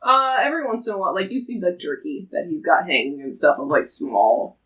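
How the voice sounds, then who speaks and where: A game master narrating a tabletop game, describing a character with many pauses and restarts. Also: mid-range voice, big pitch swings, a bit bright, rough recording. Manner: hesitant, many ums and restarts while describing.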